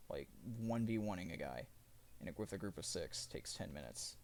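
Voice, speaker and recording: Deep gravelly-voiced man rambling about games. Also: animated, moderate pace. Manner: rambling, self-correcting gamer talk. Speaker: streamer. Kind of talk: casual livestream chat.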